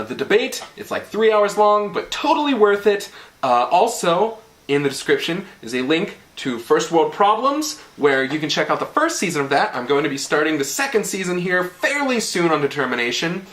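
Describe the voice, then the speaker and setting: A man's voice: fairly high pitch, fairly bright tone. A young man hosting his channel, casually recapping an event in a rambling, playful way with lots of fillers. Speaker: channel host.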